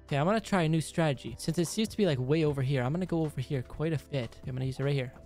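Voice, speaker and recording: Dude narrating his gameplay super fast, bit high, pleads with the game, hushed cause it's late. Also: faint music behind. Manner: talks to the game, pleading and excitable; speaks softly at night. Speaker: let's play host. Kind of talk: gameplay commentary. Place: home room at night.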